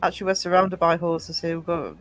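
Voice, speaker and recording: A man's voice: on the high side, level tone, fairly quick, fairly bright tone. A man from England hosting a livestream, chatting casually and reading out viewer comments with a self-deprecating, laughing manner. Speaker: livestream host.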